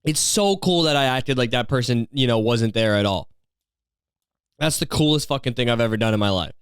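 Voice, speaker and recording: A man's voice: medium pitch, animated, a little fast, smooth, no room sound. A man hosting a solo podcast, rambling through a story in a profane, incredulous way on a close mic. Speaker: podcast host.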